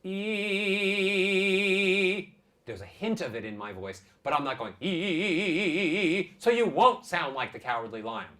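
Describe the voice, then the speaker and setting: A man's voice: mid-range voice, very animated, a little fast, few pauses, fairly bright tone. A male vocal coach leading a singing lesson, encouraging and demonstrating vibrato on sung syllables.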